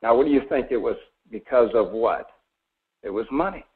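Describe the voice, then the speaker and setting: Over a tinny conference call line, a mortgage presenter from Florida in his forties makes a folksy sales case, often quizzing his listeners. His pitch is medium and his pace moderate.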